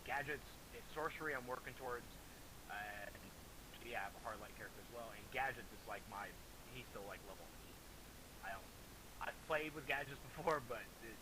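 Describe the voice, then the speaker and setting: A man's voice: medium pitch, fairly quick. A man chatting as a guest while playing a game, nervous and hesitant, with many fillers. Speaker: guest gamer and video creator. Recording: hissy home mic recording.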